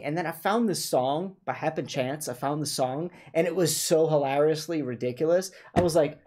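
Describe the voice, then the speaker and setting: A man's voice: on the high side, very animated, brisk, few pauses, darkish tone, a little hiss or hum. A man hosting a livestream, chatting casually and playfully, often laughing. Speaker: livestream host.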